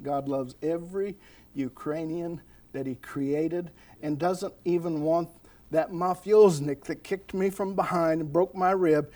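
Male American preacher, high-pitched, folksy animated sermon with anecdotes. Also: a little slow. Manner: storytelling, animated, folksy asides. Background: congregation responding.

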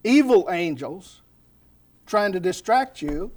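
An American man preaching a sermon, animated and folksy, with storytelling asides. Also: high-pitched, slow. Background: congregation responding.

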